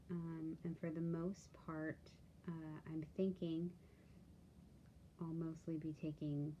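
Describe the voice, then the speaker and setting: Tired woman vlogging, halting and candid. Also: deep voice, mellow, dull audio, slight background noise. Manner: halting, many fillers, candid. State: tired, yawning. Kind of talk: casual video diary.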